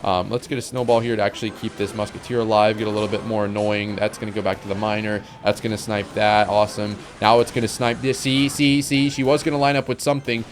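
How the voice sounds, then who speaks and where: A young man giving casual commentary on his own game, chatty and rambling, with sudden excited outbursts. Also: fairly low pitch, fast talker, few pauses, a little hiss or hum. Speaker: gameplay commentator.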